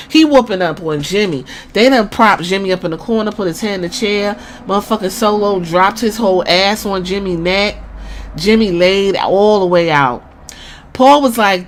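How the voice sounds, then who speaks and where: A woman hosting a podcast, retelling wrestling events in an animated, profane, storytelling way. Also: mid-range voice, normal speed. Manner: animated storytelling with acted-out quotes and cursing. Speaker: podcast host. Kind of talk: casual wrestling recap.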